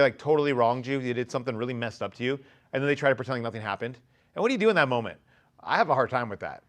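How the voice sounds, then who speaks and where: A man in his forties delivers a lively sermon to a youth group. His voice sits high for a man. He swings between loud, dramatic acted-out quotes and quieter, earnest appeals. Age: 40s. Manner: animated, acts out quotes in different voices. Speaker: youth pastor.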